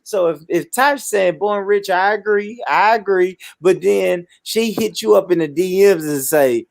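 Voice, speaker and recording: A man hosting a casual online panel chat, animated and slangy, often repeating himself. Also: high-pitched, a little slow, vocal fry, few pauses, no echo. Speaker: panel host.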